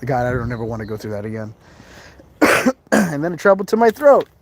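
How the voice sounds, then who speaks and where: A man's voice: mid-range voice, sing-song, fairly quick, very noisy. A man hosting a live ghost-hunting stream in a cemetery, chatting casually and rambling with laughs and asides. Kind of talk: casual live-stream chat while exploring. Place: outdoors in a cemetery.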